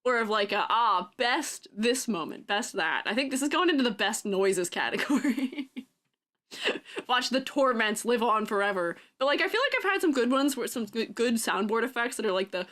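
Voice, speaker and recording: Young woman streamer, casual chat: high voice, giggly, throws in silly noises. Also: expressive, moderate pace. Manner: giggly, bursts into silly yells and sound-effect noises.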